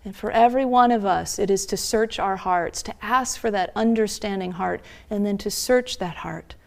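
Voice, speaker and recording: A woman minister preaching a sermon, retelling a story earnestly and slowing down for emphasis. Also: medium pitch, gravelly.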